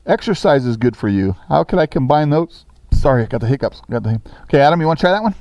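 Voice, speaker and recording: A middle-aged man teaching a sixth-grade language lesson in a classroom, brisk and encouraging, reading sentences slowly for students to copy. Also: on the high side, expressive, a little mellow, dry recording.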